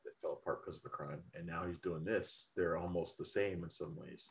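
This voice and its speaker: This film critic and podcast host has a deep, gravelly voice, fairly even intonation, and a brisk pace. Casual, rambling, and profane, he gives strong opinions on films, and the sound is tinny, like a phone line.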